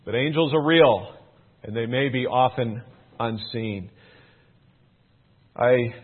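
A man preaching a sermon in a measured way, repeating key phrases for emphasis. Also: mid-range voice. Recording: phone-like narrow band.

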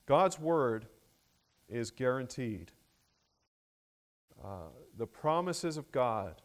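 A man preaching an expository sermon, measured and deliberate, with frequent fillers and rising emphasis on key words. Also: on the high side, big pitch swings.

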